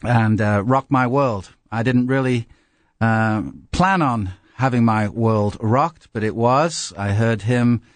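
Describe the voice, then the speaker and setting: A man's voice: mid-range voice, slow pace, no echo. Middle-aged man, English accent with slight American twang, pastor, conversational sermon, dry close sound. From England. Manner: conversational, self-deprecating humor.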